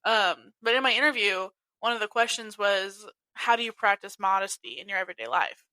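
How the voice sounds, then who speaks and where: A young woman hosting a podcast, telling college stories in a giggly, animated way. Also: mid-range voice, a little fast, no echo, low-quality recording. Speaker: podcast host. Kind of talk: casual chat.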